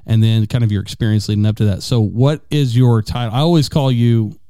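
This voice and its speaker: A man's voice: mid-range voice, steady tone, brisk, mellow, clear, resonant tone, no echo, studio quality. A man hosting a podcast in a casual interview, joking and laughing often. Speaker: podcast host.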